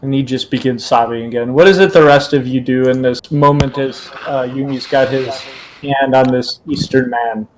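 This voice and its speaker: A man's voice: mid-range voice, fairly even intonation, moderate pace, a little hiss or hum, poor audio. A man narrating a tabletop game as game master, hesitant with many fillers.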